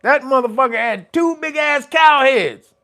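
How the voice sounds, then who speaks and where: A man hosting casual news commentary, animated and profane, breaking into laughter and loud exclamations. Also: very high voice, measured pace. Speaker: host of a commentary channel.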